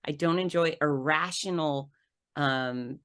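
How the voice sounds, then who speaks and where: A woman guest on a podcast telling a personal story with animated, laughing delivery that acts out the scenes. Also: deep voice, slow pace, clean tone. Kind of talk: conversational storytelling.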